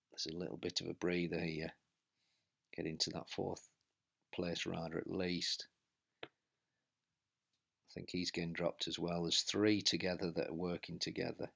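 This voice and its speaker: Deep gravelly man mid-ride. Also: fairly bright tone. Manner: breathless running commentary, urging himself on. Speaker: cycling vlogger. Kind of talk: live race commentary while riding.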